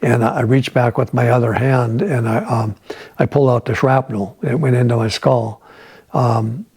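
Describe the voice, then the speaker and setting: An older man being interviewed at home, telling a war story in a halting way with many restarts and repeated words. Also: medium pitch, fairly even intonation, darkish tone, breathy edge. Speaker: veteran interviewee.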